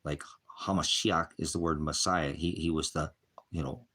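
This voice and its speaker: A man delivers an informal, meandering sermon in a deep, husky voice. He is combative and swears freely, and he clears his throat often between points. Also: steady tone, normal speed, a bit bright. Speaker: street preacher.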